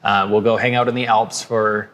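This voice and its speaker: A man's voice: fairly low pitch, little pitch movement, moderate pace, a bit bright. A man with a Minnesotan accent, co-hosting a casual podcast chat, talking in loose, rambling sentences with fillers. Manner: chatty, with many restarts and fillers. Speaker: podcast co-host. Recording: long reverb.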